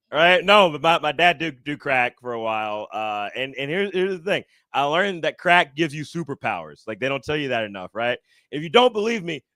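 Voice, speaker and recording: Animated man doing stand-up. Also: no echo. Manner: animated, acts out other people's voices with big jumps in pitch. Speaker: stand-up comedian. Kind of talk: stand-up comedy set. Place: comedy stage before a live audience.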